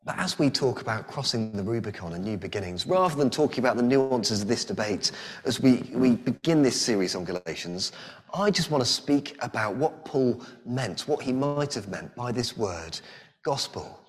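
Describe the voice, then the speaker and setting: A man's voice: medium pitch, animated, normal speed. A man preaching a sermon in an earnest way, often restarting with repeated words.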